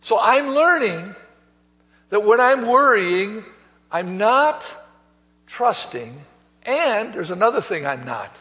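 A man's voice: high voice, very animated, slow pace, long pauses, sharp tone. A male pastor preaching a sermon, mixing conversational storytelling with emphatic exhortation, heard in a church sanctuary. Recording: long hall reverb, dull lo-fi sound.

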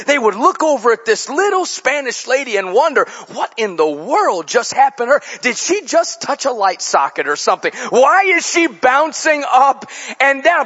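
A man's voice: extremely high pitch, fairly bright tone. A middle-aged male preacher from the Chicago area, telling stories and building to fervent exhortation in a sermon. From Chicago area, Illinois. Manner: storytelling, rising to fervent exhortation. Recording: dull lo-fi sound.

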